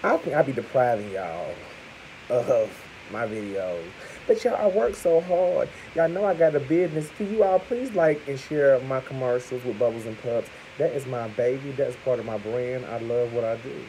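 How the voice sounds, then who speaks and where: A man in character as a security guard, delivering a sassy, gossipy comedic rant to camera with loud exclamations. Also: medium pitch, lively intonation, normal speed, slight background noise, low-quality recording.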